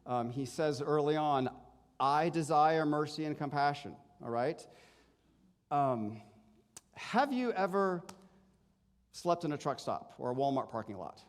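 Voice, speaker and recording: A man preaching a conversational sermon as pastor, casual and often checking in with the congregation, animated when telling stories. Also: mid-range voice. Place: church sanctuary. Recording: long hall reverb in a church.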